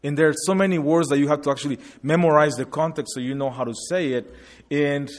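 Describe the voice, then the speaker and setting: A man's voice: a little high, fairly even intonation, fast talker. Man telling his story in a hall. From Guatemala. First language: Spanish. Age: 40s. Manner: reflective, earnest storytelling. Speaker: speaker sharing his migration story. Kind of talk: personal testimony with slides. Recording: long hall reverb.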